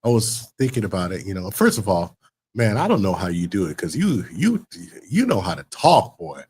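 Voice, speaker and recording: A man with a Texas accent hosting a casual livestream chat, animated and slangy. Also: low-pitched, normal speed, slight background noise.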